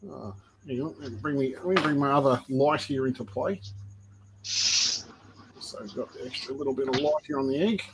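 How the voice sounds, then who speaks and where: A man's voice: medium pitch, normal speed, long pauses, background noise. A man breeding snakes, chatting casually and explaining genetics step by step while he works on a livestream.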